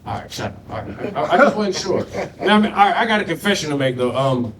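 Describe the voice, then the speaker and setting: A male comedian works a stand-up set in a crude, profane, rambling style, with a voice that sits a bit high. He is picked up from a distance, with a noisy room and a low rumble behind him. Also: very animated, quick pace, fairly bright tone. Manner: crude, profane and loose, with constant "you know what I mean" asides. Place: comedy stage in a live venue.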